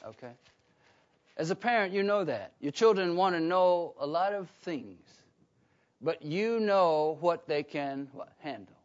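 A man's voice: on the high side, animated, measured pace. A man preaching a sermon in a conversational way, often asking his congregation questions and starting sentences over. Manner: call-and-response questions to the congregation; conversational, with frequent restarts. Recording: dull lo-fi recording.

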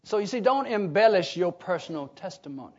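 A man preaching a Bible teaching sermon, emphatic, often pausing on "what?" so listeners fill in the words. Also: sits high, expressive, a little mellow. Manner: emphatic, repeats key phrases. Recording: dull lo-fi recording.

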